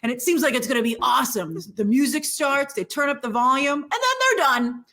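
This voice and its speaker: Bright, snarky high-voiced woman. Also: a little fast. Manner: snarky, expressive. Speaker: film critic. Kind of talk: video review commentary.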